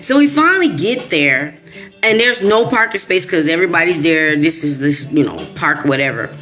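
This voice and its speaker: A middle-aged woman from Chicago's West Side hosts, telling a story to a live audience in casual chat. She is animated, laughs a lot, and quotes others in voices, her pitch fairly low at normal speed over soft background music.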